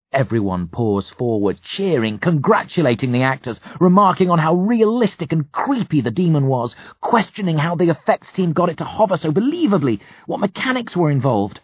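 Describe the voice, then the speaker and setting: Man, first-person audiobook narration, steady delivery, dry booth, dull lo-fi sound. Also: lowish voice, no echo.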